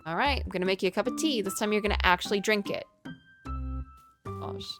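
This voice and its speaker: A woman's voice: mid-range voice, fairly quick. A young adult woman streaming a game, chatting casually and giggling, with the odd swear word. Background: faint game music.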